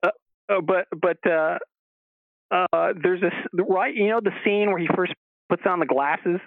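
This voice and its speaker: Male radio guest calling in: slightly high voice, stammering storyteller, tinny dry phone line. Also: unhurried, creaky, no room sound. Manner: rambling, stammering restarts, acts out quoted voices. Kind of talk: casual storytelling on a radio show.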